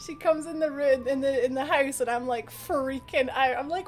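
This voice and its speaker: A woman's voice: high voice, moderate pace, few pauses, a little mellow. A woman streaming a game live, chatting casually with viewers, giggling and cooing to her dog.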